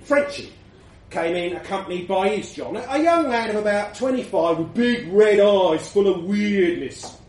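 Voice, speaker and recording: A man telling a crude story with wry humor, slow and unhurried, his pitch high and swinging widely. The sound is roomy and set back from the mic. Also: expressive, a little mellow, distant mic. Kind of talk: storytelling narration.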